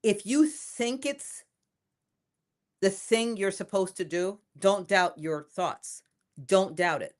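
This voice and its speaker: An older woman being interviewed as a guest, talking in a lively, emphatic way and repeating phrases for emphasis. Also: medium pitch, takes it slowly. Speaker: inventor and guest. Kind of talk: casual interview.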